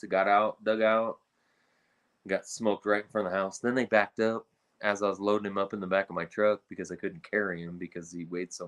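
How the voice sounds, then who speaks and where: A man speaking as a reptile breeder guest in a casual podcast conversation, talking in a blunt, animated and exasperated way. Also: on the low side.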